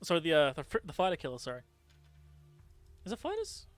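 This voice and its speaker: A man casting a game tournament, excitable and laughing often, catching and correcting his own slips. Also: a little high, fast talker, soft background music. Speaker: tournament caster. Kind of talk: casual game commentary.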